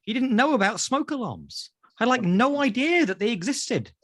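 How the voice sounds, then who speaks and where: A British man, a therapist, telling animated stories in an interview and acting out voices. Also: very high-pitched, moderate pace, no room sound, clean studio sound. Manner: acts out voices in anecdotes. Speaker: therapist guest.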